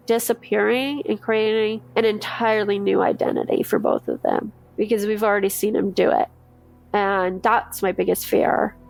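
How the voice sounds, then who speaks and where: A woman's voice: mid-range voice, gravelly. A woman, a mother, telling her own story in a podcast, candid and emotional, acting out the lines of the people she talks about. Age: adult, mother of a daughter. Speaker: interviewee recounting her experience. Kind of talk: personal testimony in a true-crime podcast.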